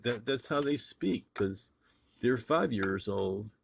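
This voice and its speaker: A man's voice: mid-range voice, normal speed, vocal fry, a little hiss or hum. A man vlogging in a casual monologue, talking emphatically in a ranting way and repeating his points.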